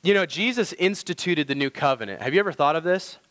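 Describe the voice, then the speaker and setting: A man preaching a sermon, conversational and animated, telling stories with rising emphasis. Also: fairly high pitch, fast. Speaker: pastor. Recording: long reverb of a hall.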